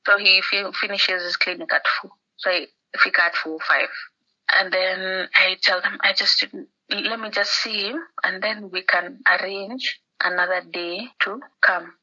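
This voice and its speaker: A woman's voice: medium pitch, steady tone, unhurried, pushed and bright. A woman with a Kenyan accent, a podcast guest telling a story in casual chat over a phone call. She acts out the people she quotes and drops Swahili words into her talk. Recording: muffled phone-call audio.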